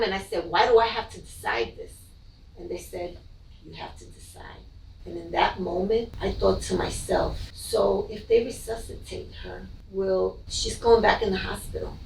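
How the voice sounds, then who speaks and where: A middle-aged woman, a mother, gives an emotional, halting personal account of her child's death, often repeating her words. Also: medium pitch, vocal fry, a little hiss or hum. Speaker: bereaved mother telling her story. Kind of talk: personal testimony. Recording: echoey room, from a distance.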